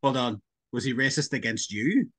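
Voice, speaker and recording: A Northern Irish man co-hosting a podcast, teasing and telling stories in casual chat. His voice is bright and lively and sounds close and dry. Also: mid-range voice, moderate pace, no echo. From Northern Ireland. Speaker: podcast co-host.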